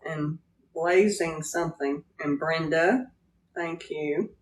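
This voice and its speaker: A woman's voice: low-pitched, takes it slowly, slight background noise. A woman hosting a casual livestream, greeting viewers by name and laughing often as she chats. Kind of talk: casual live chat.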